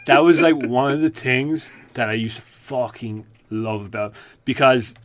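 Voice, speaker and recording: A man, co-hosting a podcast in casual, rambling, profane chat that gets animated when he tells stories. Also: medium pitch, a little slow. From Ireland. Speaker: podcast co-host.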